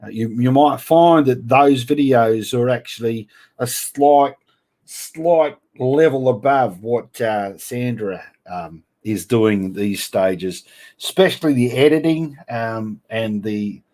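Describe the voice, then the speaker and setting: A man chatting casually on a live stream, joking and teasing his viewers as he reads their comments aloud. His voice sits in an ordinary middle pitch, and his delivery is loose and playful. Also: animated, takes it slowly, dark tone. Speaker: livestream host.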